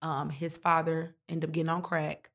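A woman's voice: low-pitched, flat delivery, normal speed, fairly bright tone. A woman talking candidly and emotionally in a heart-to-heart conversation, full of casual slang.

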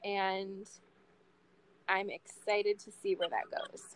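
A woman's voice: mid-range voice, flat delivery, slow, fairly bright tone, clean tone. A woman in her late twenties in casual podcast chat, a candid sports fan who swears freely.

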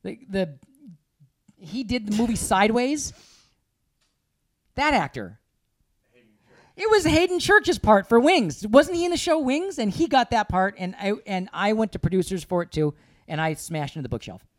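Man, casual chat, lively up-and-down pitch, laughing storyteller. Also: normal speed, pauses often. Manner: animated storyteller, laughing often and putting on voices.

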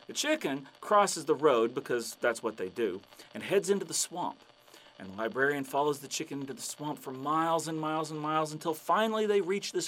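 A man's voice: on the high side, fairly bright tone. A man telling jokes and long shaggy-dog stories in a playful storytelling way. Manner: playful storytelling, acting out voices. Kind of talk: joke telling.

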